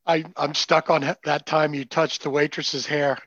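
A man interviewer with a slightly high voice asks questions haltingly, stopping and restarting. The recording is dry and a little dull, with the top end cut off. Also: flat delivery, a bit bright, dry recording.

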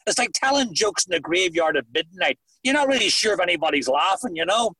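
A middle-aged man with a Northern Irish accent tells his own story to a meeting on a video call. His voice sits high for a man and has a husky edge. It sounds close and dry, and he mixes earnestness with dry jokes. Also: sing-song, brisk, bright, forceful tone, no room sound, poor audio. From Northern Ireland. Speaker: recovery meeting speaker. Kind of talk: personal testimony on a video call.

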